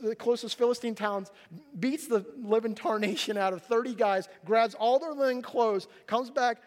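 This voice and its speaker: A male pastor giving a sermon, retelling the story in a lively, joking way and acting out its characters. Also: extremely high pitch, long reverb tail. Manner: animated storytelling, acts out characters, jokey asides.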